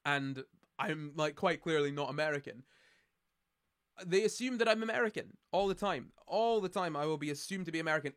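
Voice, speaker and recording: Speaking with a Scottish accent, this Scotsman streams live and responds to his chat in a meandering, dryly sardonic way, restarting often and leaning on fillers. His voice is a little high and fairly bright.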